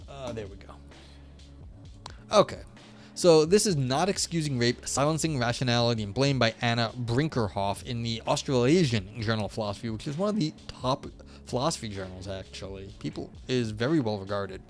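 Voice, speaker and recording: A man's voice: medium pitch, animated, brisk. A man with a mid-range voice runs a live philosophy stream. He reads an academic paper aloud, then breaks off to explain it in plain words and to chat loosely, poking fun at himself. Faint music plays behind him. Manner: chatty and self-deprecating, reading aloud then explaining in plain terms.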